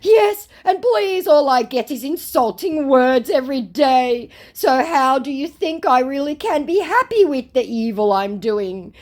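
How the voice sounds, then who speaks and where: A woman voicing a self-pitying male online scammer who begs in broken English, pitched high and slow. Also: very animated, a little mellow. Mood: pleading. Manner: whiny, broken-English, begging.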